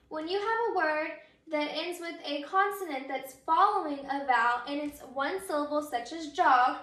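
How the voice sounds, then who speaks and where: A high, bright-voiced woman teaches grammar to her students. She is patient and says each example word slowly and more than once. Her voice echoes in the room. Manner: patient, repeats and models words slowly. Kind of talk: grammar lesson.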